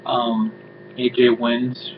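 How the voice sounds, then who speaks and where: A man's voice: mid-range voice, monotone, drawn-out words. A man giving a casual spoken review, ranting and swearing with exasperated asides. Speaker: show reviewer. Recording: tinny phone-like audio with noise.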